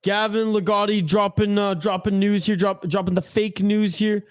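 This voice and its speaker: High-voiced man calling hockey. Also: little pitch movement, moderate pace, faint music behind. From Canada. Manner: profane, joking, reads chat aloud. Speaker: live stream host. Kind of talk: casual play-by-play watch-along commentary.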